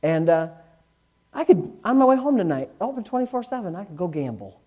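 A pastor preaches to his church congregation in a candid, conversational way, his voice swinging between loud bursts and hushed asides. He sits high in pitch and speaks briskly with a sing-song lilt.

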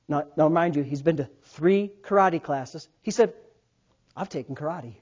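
A man in his thirties, a pastor preaching a sermon, telling stories with big swings from quiet asides to loud, laughing bursts. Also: a little high, lively intonation, normal speed, slightly rough. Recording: dull lo-fi sound.

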